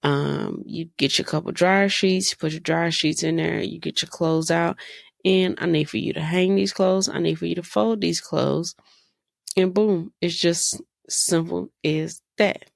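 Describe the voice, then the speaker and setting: A woman's voice: lowish voice, fairly even intonation, a little slow, gravelly, no echo, studio quality. A woman in her thirties hosting a podcast, telling stories in a casual, exasperated way and firing off rhetorical questions. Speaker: podcast host. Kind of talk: casual monologue.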